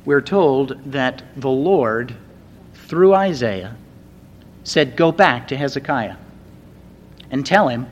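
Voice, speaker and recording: A man preaching a sermon in a slow, earnest way, building to loud emphatic repeats. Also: mid-range voice, animated, long reverb tail.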